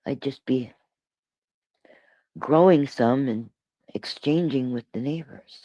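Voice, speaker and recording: A woman's voice: rumbling low, takes it slowly, dark tone, no room sound, muffled recording. A woman in her sixties from Toronto, rambling in a casual solo livestream chat, reading comments aloud and laughing often. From Toronto, Canada. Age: 60s. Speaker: livestream host. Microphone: streaming mic.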